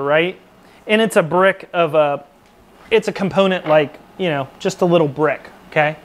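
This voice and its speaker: High-voiced man telling a profane story. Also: slight background noise. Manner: profane, rambling, self-mocking. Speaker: military veteran storyteller. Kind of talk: casual storytelling to camera.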